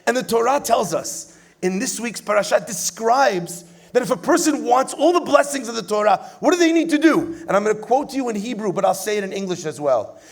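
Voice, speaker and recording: A male rabbi speaks from a lit stage to a conference audience in an animated preaching style. His voice sits fairly high with a gravelly edge. He swings between loud bursts and soft, quiet passages and slips playful jokes into his teaching. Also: fairly quick.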